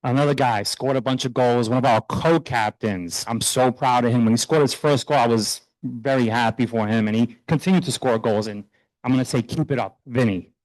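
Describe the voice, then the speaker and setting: A middle-aged man, a youth soccer coach, speaking earnestly and proudly while honoring his players at a town meeting, loose and a little halting. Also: medium pitch, a little mellow, no echo, low-quality recording. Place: township council meeting room.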